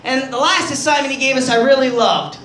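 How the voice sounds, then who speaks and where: A man's voice: extremely high pitch, brisk, a bit bright, a little hiss or hum. Crude self-deprecating man doing stand-up. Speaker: stand-up comedian. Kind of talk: stand-up comedy. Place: comedy club stage. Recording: roomy club sound from far off.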